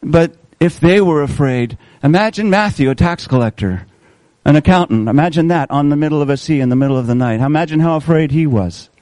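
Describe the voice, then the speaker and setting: Fairly high-voiced male preacher, close and dry. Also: darkish tone, no room sound, low-quality recording. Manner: asks the congregation questions, slows for emphasis. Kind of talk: sermon.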